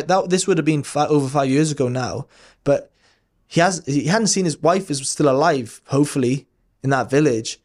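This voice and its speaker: A man's voice: medium pitch, a little mellow. Earnest, rambling man in his thirties. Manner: earnest, rambling, with frequent restarts and mild swearing. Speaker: podcast guest telling a personal story. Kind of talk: casual storytelling.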